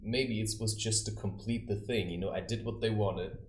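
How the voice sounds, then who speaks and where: A self-styled spiritual adviser, a man with a fairly low, steady voice, talks at a normal speed in a casual, rambling monologue. He tells anecdotes and acts out the people in them, quoting them as he goes. The recording has a roomy echo and a little hiss or hum.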